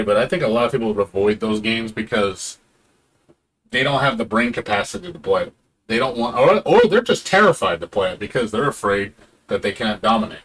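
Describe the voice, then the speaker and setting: A man's voice: on the low side, fairly bright tone, slightly rough. A man streaming a game, ranting in a casual, profane and sarcastic way, now and then mocking other people in put-on voices.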